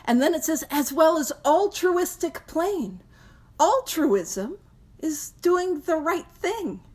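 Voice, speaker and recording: Chatty high-voiced woman, laughing often. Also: big pitch swings, slow pace, darkish tone. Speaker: podcast host leading a recovery book study. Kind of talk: casual recovery talk.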